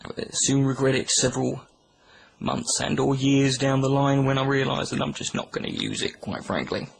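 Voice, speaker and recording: British male YouTuber, gravelly deadpan voice, faint background hiss, mock-furious comic rant. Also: medium pitch, normal speed, poor audio. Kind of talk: deadpan comedic rant to camera.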